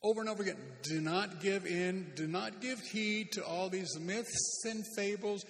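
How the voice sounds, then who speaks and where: A man preaching a sermon as a pastor, animated and emphatic, with sudden loud bursts and speech. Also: high voice, moderate pace. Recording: long hall reverb.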